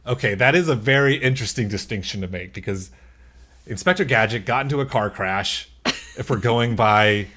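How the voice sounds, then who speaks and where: A man's voice: mid-range voice, normal speed, pushed and bright. A man chatting as a podcast guest, rambling and often laughing mid-sentence. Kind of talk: casual chat.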